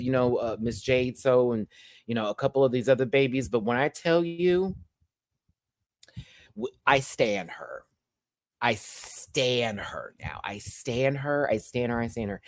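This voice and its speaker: At home with a pet on his lap, a man hosts a casual reality-TV review rant, sassy and heavy on slang. He's a show reviewer and host with a mid-range voice, and the recording is dry.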